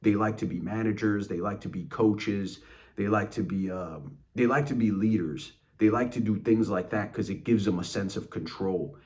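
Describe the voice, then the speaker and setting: Blunt, low-voiced man ranting. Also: moderate pace, a little mellow. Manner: blunt, contemptuous, cursing. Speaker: motivational channel host. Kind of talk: angry motivational rant.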